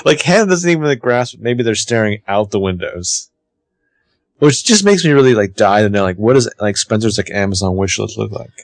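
A man co-hosting a podcast, recapping a TV episode in casual, animated chat. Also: on the low side, fast talker, creaky, few pauses, dry recording. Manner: chatty, animated, swears casually.

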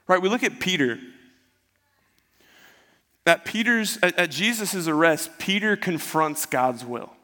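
A man's voice: high-pitched, animated, unhurried, pauses often, sharp tone. A man preaching a sermon, retelling the story in a conversational way and acting out the quotes. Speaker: pastor. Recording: long hall reverb.

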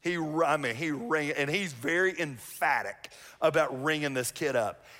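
Middle-aged pastor, higher voice. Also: male voice, moderate pace, sharp tone. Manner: chatty, self-mocking storytelling. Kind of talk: sermon. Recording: long reverb of a church hall.

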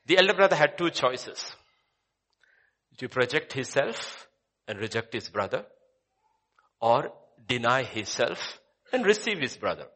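A male pastor preaching emphatically, swinging between loud exclamations and hushed asides. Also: mid-range voice, sing-song, a little slow, pauses often. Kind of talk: sermon.

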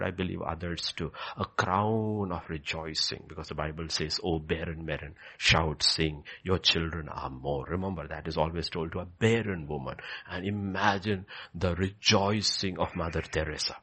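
A male pastor preaching a sermon, emphatic and repeating key phrases, swinging between loud declarations and quiet, low passages. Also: steady tone, moderate pace, hardly any pauses, breathy edge.

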